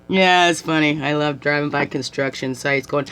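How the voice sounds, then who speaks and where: A woman's voice: low-pitched, background noise. A middle-aged woman, a self-styled medicine woman, chatting to camera in a rambling, giggly way and laughing often. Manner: giggly, animated storytelling with frequent laughter. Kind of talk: rambling casual chat to camera.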